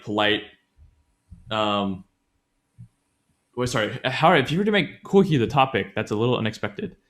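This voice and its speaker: A man's voice: mid-range voice, a bit bright. A man co-hosting a casual podcast, explaining grammar in a loose, rambling way with many fillers, self-corrections and frequent laughs. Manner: laughs often.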